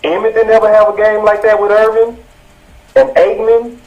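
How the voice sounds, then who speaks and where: A man co-hosts a sports talk show in a slightly high voice, reeling off statistics at a measured pace. His audio comes through dull and lo-fi. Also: little pitch movement, a little mellow, soft background music. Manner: stat-heavy, measured.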